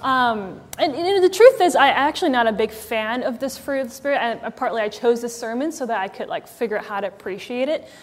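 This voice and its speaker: A woman's voice: fairly high pitch, expressive, a little fast, hardly any pauses, soft background music. Chatty woman preaching in a reverberant hall. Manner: chatty and wry, frequent ums and likes. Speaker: preacher, church executive director. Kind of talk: casual conversational sermon. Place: church meeting hall with live audience.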